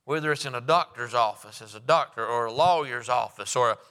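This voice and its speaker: A man preaching a sermon, telling folksy stories and rising to loud, emphatic lines. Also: mid-range voice, a little fast, in a large hall.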